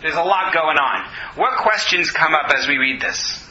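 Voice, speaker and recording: A man's voice: fairly high pitch, animated, moderate pace, a crowd in the background. A man teaching a scripture study class, reading verses aloud, translating and explaining them, and taking questions from his students. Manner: reads Hebrew verses then translates, explains and takes questions. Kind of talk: text study lecture with questions. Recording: dull, roomy classroom audio.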